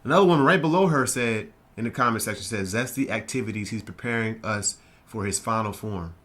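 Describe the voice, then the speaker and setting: Low-voiced man reacting casually. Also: fairly quick, fairly bright tone. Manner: conversational, repeats words when thinking aloud. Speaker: commentary host.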